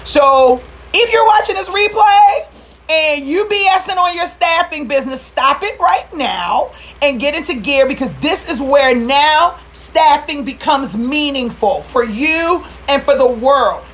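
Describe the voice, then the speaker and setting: A middle-aged woman with a high voice talks straight to her viewers in a motivational live video. She is fired up and preachy, rallying her listeners. Emotion keeps pushing her close to tears. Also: fairly bright tone. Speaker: recruitment business coach.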